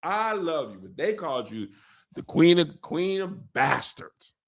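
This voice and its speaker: A man's voice: on the high side, big pitch swings, unhurried, exaggerated voice. A man voicing a whiny, dim young male dragon rider who sulks and fawns in a raised voice. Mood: gossipy. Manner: whiny, sulking, fawning.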